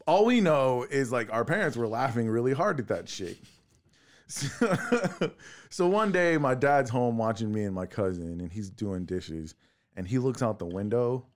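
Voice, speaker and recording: Animated, laughing man. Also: medium pitch, measured pace. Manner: laughing storyteller, lots of swearing. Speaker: podcast co-host. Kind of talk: casual chat.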